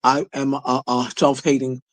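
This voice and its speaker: A man's voice: medium pitch, level tone, a little slow, close to an everyday voice, poor audio. A man doing a mocking impression of a self-loathing, slovenly woman, stammering and mumbling through her confessions.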